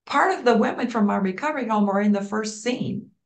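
An older woman, a community program founder, being interviewed and telling stories in an animated way, acting out the voices of people she quotes. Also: medium pitch, a little fast. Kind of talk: storytelling interview.

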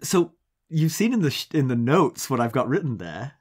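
English male podcast co-host, chatty storyteller, swooping lively pitch. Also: normal speed, breathy edge. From England. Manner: chatty storyteller, mimics accents in quotes. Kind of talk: casual chat.

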